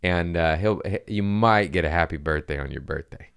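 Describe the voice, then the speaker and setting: Deep, smooth-voiced man telling stories. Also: moderate pace, a bit bright. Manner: rambling, laid-back, swears. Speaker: podcast host, comedian. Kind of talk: casual storytelling chat.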